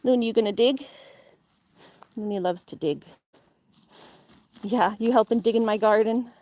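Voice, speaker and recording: Outdoors in a farm garden, a woman chats casually on a live stream, reading the chat as she goes. Her voice is a little mellow and moderately paced, recorded dry, and she switches to a high baby voice when talking to her dog.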